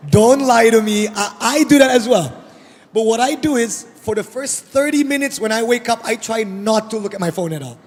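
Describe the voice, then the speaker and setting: A man speaking on a panel, addressing the audience directly in a lively way and often repeating words. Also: extremely high pitch, normal speed. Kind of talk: conversational panel talk. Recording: long reverb of a large event hall.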